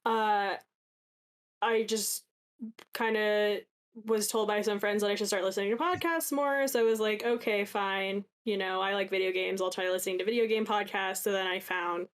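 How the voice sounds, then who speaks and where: A podcast guest talks through their career in a relaxed, chatty way. The voice sits at a middle pitch and flows easily from one thought to the next. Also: normal speed, smooth. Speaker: podcast guest, site editor. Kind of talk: casual interview.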